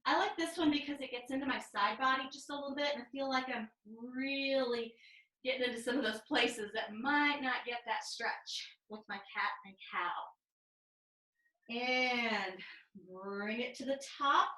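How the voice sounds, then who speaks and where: A woman teaching a live online mat pilates class, calmly cueing each move and breath over a video call. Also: a little high, unhurried, reverberant, poor audio. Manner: calm step-by-step cueing with breath counts. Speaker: pilates instructor.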